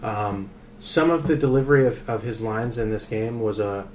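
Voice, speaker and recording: A man's voice: on the low side, normal speed, a little mellow, a little hiss or hum. A young man hosting a casual podcast, telling a long, rambling story full of fillers and restarts. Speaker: podcast host.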